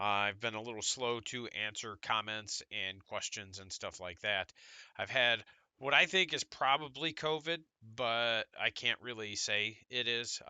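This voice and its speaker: A middle-aged man, congested from illness, giving a relaxed, rambling update to his gaming channel's viewers. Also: mid-range voice, clear, resonant tone, no room sound. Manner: relaxed, rambling, self-deprecating.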